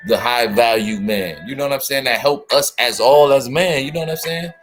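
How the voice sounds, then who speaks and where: A man hosting a casual livestream, talking in an animated, slangy way and speaking straight to his chat. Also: medium pitch, normal speed, faint music behind. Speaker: livestream host.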